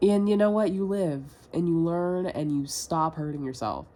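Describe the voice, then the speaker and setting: A woman's voice: lowish voice, normal speed, mellow. A young woman in a confessional vlog, rambling and self-deprecating, full of filler words and swearing. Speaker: vlogger.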